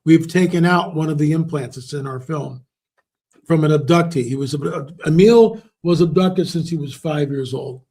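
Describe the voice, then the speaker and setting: An author and researcher appearing as an interview guest, this man has a mellow, slightly high voice and a moderate pace. In conversational interview talk, he tells stories emphatically and repeats words for stress.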